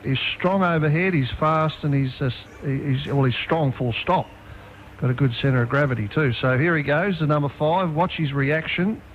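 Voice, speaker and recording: Aussie footy expert, slow folksy comments with lots of uhs, slightly high voice, kinda muffled. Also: male voice, a little hiss or hum. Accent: Australian. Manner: measured and folksy, with hesitations. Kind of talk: local football commentary. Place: commentary box with a window at a ground.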